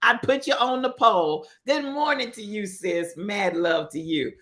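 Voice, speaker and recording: A woman hosts a live stream with a bright, forward voice. She comments casually on current events, driving points home by repeating them. She breaks off to greet viewers by name. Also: medium pitch, a little slow.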